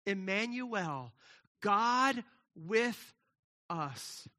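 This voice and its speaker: A man preaching a sermon, casual and conversational, with slang, moving between lively emphasis and hushed, soft passages. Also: sits high, extremely slow. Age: adult with children. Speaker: pastor.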